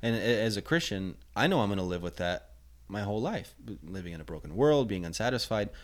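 A young man as a podcast guest in casual chat, rambling and animated. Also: on the low side, fast. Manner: rambling, animated, restarts often.

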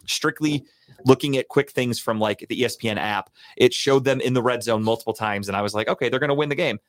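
A man's voice: medium pitch, fairly quick, no room sound, studio quality. Casual man recapping football scores. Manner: profane, rambling. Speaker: podcast co-host. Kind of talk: casual sports chat.

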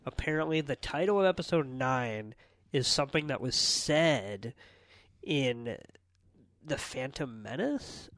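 A man's voice: medium pitch, animated, measured pace, fairly bright tone, no echo, clean studio sound. A young man co-hosting a podcast, joking and swearing in casual chat. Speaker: podcast co-host.

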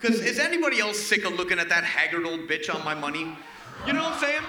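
Male stand-up, high lively voice, very bright, brash and crude, in an echoey room. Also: quick pace, music in the background. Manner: brash, profane crowd work. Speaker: stand-up comic. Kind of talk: stand-up comedy. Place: comedy venue. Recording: echoey room, faint noise.

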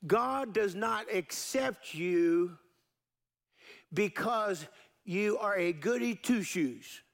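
Male pastor, middle-aged, high gravelly voice, sermon with call-and-response. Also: animated, drawn-out words, fairly bright tone. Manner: call-and-response preaching, varying pace and emphasis.

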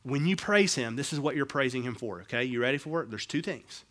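A middle-aged male pastor preaches a sermon, swinging between quiet, low asides and raised, emphatic passages. His delivery is expressive and fairly quick.

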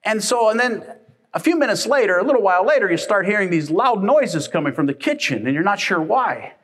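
A male pastor delivering a sermon in a high voice. He tells everyday family stories with lively energy and briefly plays the people in them. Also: brisk. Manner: animated storytelling, acting out family members.

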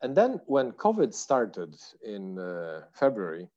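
A middle-aged man with a Polish accent tells long, meandering stories as an interview guest, stopping and restarting with many "uh"s and "um"s. His voice is dark and mellow. The recording sounds a little dull. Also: fairly low pitch, wildly swooping pitch, slow pace. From Poland. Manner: rambling, many fillers and restarts. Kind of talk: casual interview storytelling.

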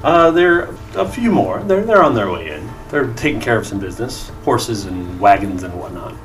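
A man's voice: lowish voice, big pitch swings, normal speed. A man voicing a flamboyant male gnome bard who is effusive, apologetic and full of flowery courtesy. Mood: courteous.

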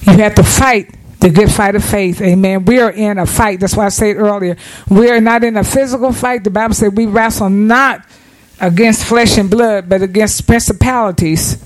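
A woman's voice: medium pitch, moderate pace, a little mellow, rough recording. A woman preaches to her congregation in a church. Her delivery is plain-spoken and homey, and she keeps drawing call-and-response from the pews. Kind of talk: sermon.

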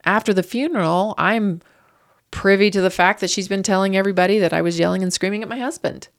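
Talking fast in a mid-range voice, a woman shares a painful personal story as an interview guest. She sounds raw and grieving, and her voice surges upward when she's upset.

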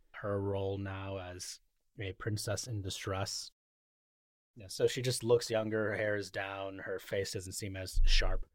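Podcast host, man, low-ish voice, dry close mic, loose swearing recap style. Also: no room sound. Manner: loose, swearing, lots of fillers. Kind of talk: casual recap with paraphrased quotes.

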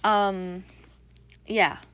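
A woman's voice: medium pitch, little pitch movement, very slow, fairly bright tone, clean tone. A young adult woman hosting a casual solo podcast, rambling and reflective with lots of fillers. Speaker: podcast host.

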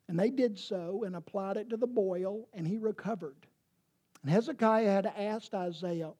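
A woman preaches a sermon, retelling scripture and breaking into emphatic paraphrase. Her voice sits a little high but sounds mellow and warm rather than bright. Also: normal speed. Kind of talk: sermon, retelling a Bible story.

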